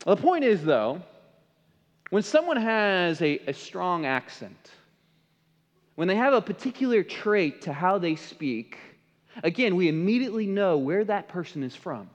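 A man preaches emphatically, putting questions to his listeners. His voice sits high and swings widely in pitch. The sound rings out with the long reverb of a big hall. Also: big pitch swings, a little slow. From American Midwest. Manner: emphatic, asks the congregation questions. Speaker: pastor. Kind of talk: sermon.

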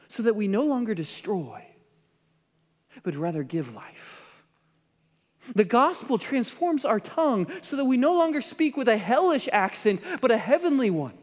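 A man preaching a sermon as pastor, swinging between impassioned emphasis and hushed, softened passages. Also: extremely high pitch, sing-song, a little slow. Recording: dull sound with long hall reverb.

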